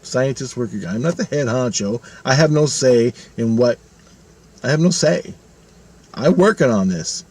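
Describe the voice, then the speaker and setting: A man's voice: medium pitch, expressive, normal speed, a little mellow, husky. A man in his fifties telling a personal story in a casual, rambling monologue, swearing freely and retelling it animatedly. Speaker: vlogger.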